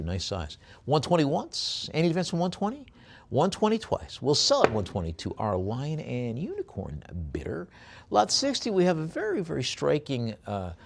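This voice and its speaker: A man working as an auctioneer, calling bids in a brisk rhythmic chant and adding chatty asides about the lots. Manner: drops low and soft on a coaxing "please". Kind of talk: live auction bid calling.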